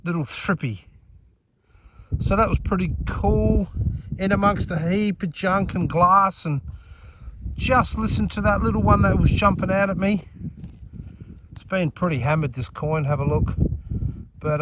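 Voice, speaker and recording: An Australian man vlogging casually outdoors on a farm, chatting easily and talking gently to a wild animal. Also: sits high, fairly even intonation, unhurried, long pauses. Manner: easygoing, chatty, coos softly at an animal. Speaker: metal detecting vlogger. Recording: distant outdoor audio, noisy background.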